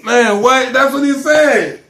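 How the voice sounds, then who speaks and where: A man, a guest in a casual interview, talking in an animated, joking way and repeating his phrases. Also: very high-pitched, takes it slowly, roomy sound.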